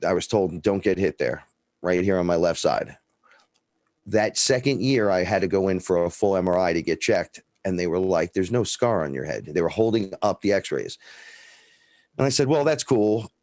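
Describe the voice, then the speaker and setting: Deep-voiced new guy from the bronx, swears a lot, does all the voices in his stories, dry close sound. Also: moderate pace, dry recording. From the Bronx, New York. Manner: animated storyteller, acts out quoted dialogue, swears freely. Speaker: guest. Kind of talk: casual storytelling.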